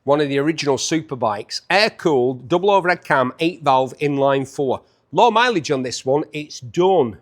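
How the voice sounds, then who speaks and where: Man, fifties, auction preview host, chatty, jokey, animated. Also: on the high side, normal speed. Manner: chatty, enthusiastic, jokey asides.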